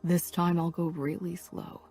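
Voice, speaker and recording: Woman voicing a rough-voiced intense young man. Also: little pitch movement, measured pace, soft background music. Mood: hushed, intense. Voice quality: rough, raspy murmur. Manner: low, hushed, intimate.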